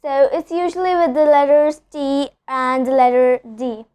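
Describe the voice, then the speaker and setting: A woman from India teaching pronunciation rules, repeating example words slowly and often saying "so" and "okay". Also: high-pitched, darkish tone.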